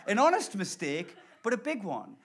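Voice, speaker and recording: Animated male stand-up comic. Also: sits high, moderate pace. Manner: animated, conversational, addresses the crowd directly. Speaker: stand-up comedian. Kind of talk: live stand-up storytelling. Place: stage before a live audience.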